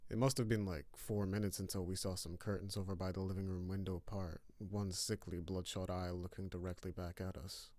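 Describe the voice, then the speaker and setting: A man giving a scripted narration of a horror story with steady, grim storytelling. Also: sits low, brisk, hardly any pauses, no echo.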